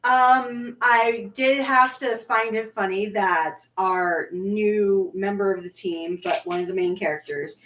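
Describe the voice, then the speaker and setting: A woman's voice: medium pitch, slow, hardly any pauses, a bit bright, slight background noise. A woman chatting casually and bluntly with frequent swearing while nursing a headache. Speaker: co-host. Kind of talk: casual reaction chat. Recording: echoey room, far from mic.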